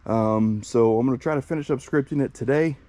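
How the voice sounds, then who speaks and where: A young man hosts a casual vlog outdoors beside a storage shed, speaking in a medium-pitched voice. He sounds slightly winded from the heat and talks in a chatty, enthusiastic way, full of fillers. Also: fairly quick, dark tone, dry recording. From Midwest US. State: out of breath from the heat. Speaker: fireworks channel host. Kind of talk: casual vlog showing products.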